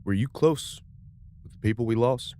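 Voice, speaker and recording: A man's voice: medium pitch, normal speed, mellow, a little hiss or hum, pitched above the performer's own voice, lightly acted. A man voicing a blunt but caring male starship captain in a tabletop space game. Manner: casual, swears.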